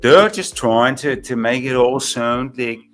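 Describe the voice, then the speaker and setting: A man as a panel guest in a casual chat, rambling and crude, with halting restarts. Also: medium pitch, a bit bright, faint music behind.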